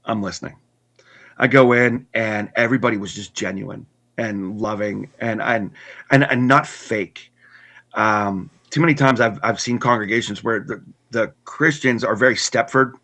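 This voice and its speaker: An earnest man with a bright but low-leaning, steady voice is a guest sharing his testimony. He tells his personal story in conversation, halting with restarts and repeats.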